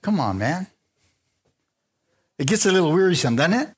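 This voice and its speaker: A pastor with a high, slightly breathy voice preaches at a moderate pace. His sermon is lively call-and-response, and he keeps drawing amens and hallelujahs from the congregation.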